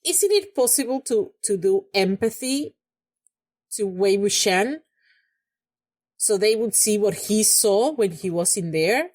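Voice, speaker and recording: Young woman reacting to a show, voice swings all over, talks back at the screen, gets loud and angry. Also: medium pitch, animated, takes it slowly. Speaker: reaction video host. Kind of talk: casual reaction commentary.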